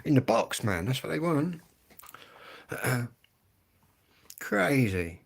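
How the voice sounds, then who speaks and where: A man's voice: mid-range voice, sing-song, drawn-out words, gravelly, breathy edge. An English man in his fifties ranting bluntly and swearing a lot in a live stream monologue. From England. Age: 50s. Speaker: livestreamer.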